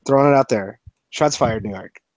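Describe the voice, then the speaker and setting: A man's voice: mid-range voice, normal speed, no echo. A man co-hosting a casual sports chat, opinionated and playfully indignant. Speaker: podcast co-host.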